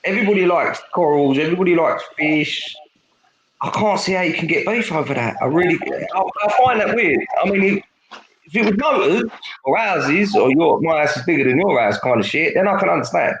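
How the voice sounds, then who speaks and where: A man's voice: high voice, expressive, fairly quick, noisy background. A man hosting a casual group chat, laughing a lot and calling people mate.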